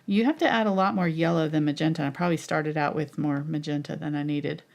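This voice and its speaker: A woman's voice: deep voice, fairly even intonation, fast, vocal fry, darkish tone. A woman teaching a live painting tutorial, chatty and explaining each step as she mixes her colours, laughing easily. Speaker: painting instructor.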